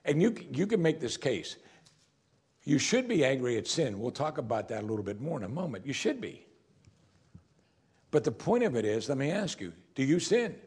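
Male pastor, husky voice, animated pitch, sermon delivery with direct questions to the congregation. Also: moderate pace. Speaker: preacher.

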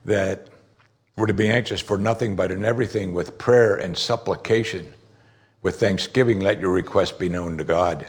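A pastor preaching a sermon, explaining scripture earnestly and building to emphatic outbursts. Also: male voice, fairly low pitch, slightly rough.

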